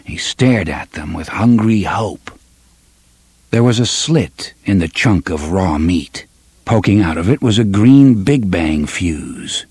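Low, husky male audiobook narrator. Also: expressive, takes it slowly, darkish tone, dry recording.

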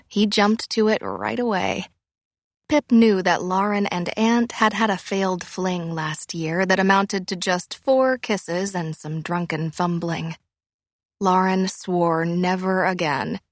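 A woman narrating an audiobook in a measured, even reading voice, close to the mic. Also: lowish voice, dry recording. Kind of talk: scripted narration.

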